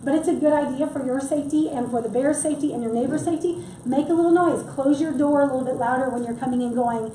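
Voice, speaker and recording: A woman's voice: high-pitched, fast, few pauses, warm tone, a little hiss or hum. A middle-aged woman giving a chatty public workshop talk on wildlife, with joking asides. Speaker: wildlife presenter. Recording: echoey room, mic from far off.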